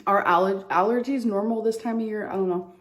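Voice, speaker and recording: A woman's voice: medium pitch, fairly quick. Stuffy-nosed woman chatting while eating. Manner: chatty, rambling, chewing between remarks. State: stuffy nose, breathing heavily. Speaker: vlogger. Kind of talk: casual mukbang chat while eating.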